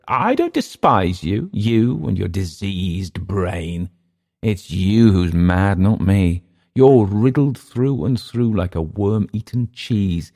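A man's voice: deep voice, gravelly, exaggerated voice. A man doing a drunk jeering Englishman. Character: drunk, mocking young Englishman, taunting and giggly.

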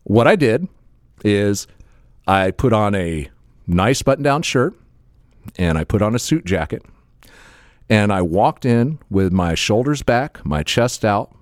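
A man's voice: lowish voice, a little mellow, no room sound, clean studio sound. A man co-hosting a podcast in casual chat, laughing often and stumbling over repeated words. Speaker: podcast co-host.

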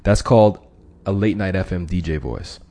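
Lower-voiced man explaining casually. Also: expressive, moderate pace, mellow. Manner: conversational, many restarts, slangy. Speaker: podcast host. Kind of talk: casual instructional talk.

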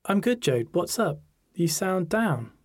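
A man voicing a caring, blunt young woman who swears easily and turns quick and concerned. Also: high voice, sing-song, pitched above the performer's own voice, heavily acted. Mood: casual. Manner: quick, concerned, slightly panicked.

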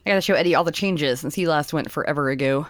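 Chatty woman with a low voice. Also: rapid-fire, no echo. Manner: chatty, laughs often, acts out quotes. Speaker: podcast co-host. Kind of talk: casual chat.

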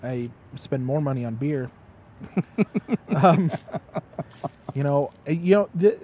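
A man's voice: a little high, unhurried, long pauses, breathy edge, dull audio. A man in casual conversation, a father telling stories animatedly and acting out the quotes. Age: adult father. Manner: animated storyteller, acts out quotes. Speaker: podcast guest. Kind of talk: casual chat.

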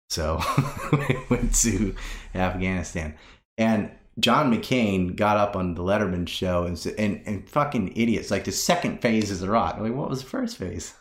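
A man talking in a casual podcast conversation, animated and profane, breaking into loud outraged bursts. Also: low-pitched. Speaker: podcast guest.

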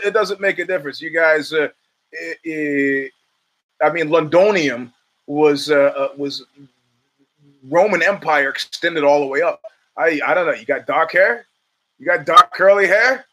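Male podcast host, rambling and restless, bright, pushy tone. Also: on the high side. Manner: rambling and animated, with many restarts and stammers. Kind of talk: casual monologue.

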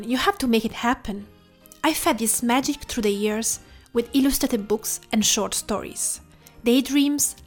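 A woman from Tuscany with an Italian accent, hosting a podcast in a gentle, lyrical, measured reading style. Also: fairly high pitch. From Tuscany, Italy. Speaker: podcast host and food writer. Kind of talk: scripted reflective narration.

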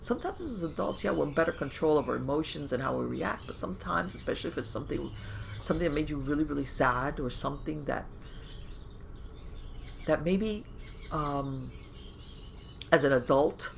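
A woman podcast host giving conversational advice, animated and talking in loose run-on phrases full of fillers, often acting out inner voices. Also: low-pitched, normal speed, vocal fry, long pauses, a little hiss or hum. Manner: animated, acts out inner voices and quoted thoughts.

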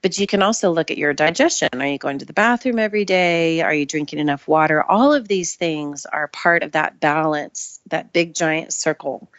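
Brief: woman guest, very low voice, thoughtful and measured, lo-fi dry remote sound. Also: a bit bright, no room sound. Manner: thoughtful, measured, restarts phrases. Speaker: Ayurvedic practitioner guest. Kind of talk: casual interview chat.

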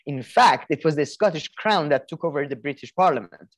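A man's voice: fairly high pitch, lively intonation, brisk. A young adult man co-hosting a podcast in casual chat, rambling with lots of restarts and casual swearing. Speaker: podcast co-host.

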